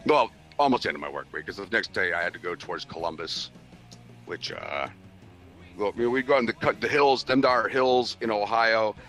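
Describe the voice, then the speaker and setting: A man's voice: fairly low pitch, brisk, soft background music. A man in his forties telling a long story in a casual chat, swearing constantly and acting out what people said. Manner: animated, swears constantly, acts out quoted voices.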